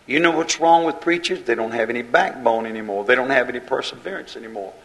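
A preacher with a rough, gravelly voice delivers a fiery sermon in a hammering, repetitive cadence. His voice sits at an ordinary pitch for a man. He swings from loud, driving lines to low, hushed asides. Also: quick pace, low-quality recording.

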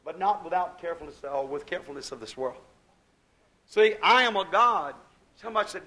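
High-voiced exuberant preacher man. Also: a little fast, low-quality recording. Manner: exuberant folksy preaching with sudden swings from hushed to shouting. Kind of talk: sermon. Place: church service.

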